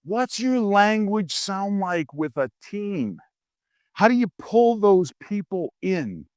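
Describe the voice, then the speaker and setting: A middle-aged man from Louisiana giving a humorous leadership keynote, a lively storyteller who acts out quoted voices. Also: high-pitched, slow pace, no room sound, studio quality. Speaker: keynote speaker. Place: conference stage.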